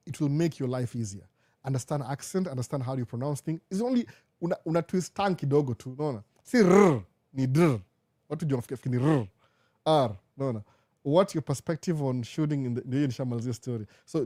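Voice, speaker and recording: A man's voice: medium pitch, dark tone. A young Kenyan man with a Kenyan accent, hosting a casual live Q&A chat and switching back and forth between Swahili and English. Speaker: live show host.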